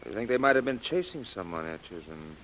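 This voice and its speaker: A brisk expedition commander. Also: male voice, lowish voice, sing-song, a bit bright, a little hiss or hum. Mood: commanding. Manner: crisp, giving orders. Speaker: expedition leader. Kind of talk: 1930s radio acting. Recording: muffled old radio recording.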